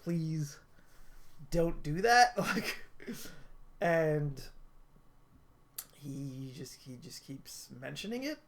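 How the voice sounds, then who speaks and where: Brief: man, higher-pitched voice, casual rambling game reviewer, lots of fillers. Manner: rambling, with many filler words and restarts. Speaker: gaming video creator.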